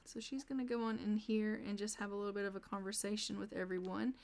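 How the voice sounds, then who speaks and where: A woman's voice: mid-range voice, little pitch movement, quick pace, a little mellow. Chatty woman narrating a life-sim game. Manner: chatty, talks to her game characters. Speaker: gameplay narrator. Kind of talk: casual let's-play commentary.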